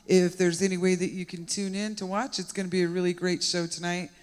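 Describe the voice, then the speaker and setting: Male co-host, high voice, giggly and teasing, echoing venue reverb. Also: level tone, a little fast. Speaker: radio co-host. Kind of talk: casual live radio banter. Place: live music venue room.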